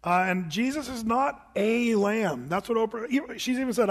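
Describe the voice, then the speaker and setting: High-voiced man preaching in a reverberant hall. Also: animated, normal speed, few pauses. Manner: conversational preaching with rhetorical questions and asides. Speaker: pastor. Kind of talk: sermon.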